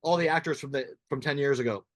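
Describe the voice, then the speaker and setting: A man's voice: mid-range voice, quick pace, dry recording. A man hosting a podcast, chatting casually in a rambling, frank way that often restarts his thoughts. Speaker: podcast host. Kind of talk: casual interview chat.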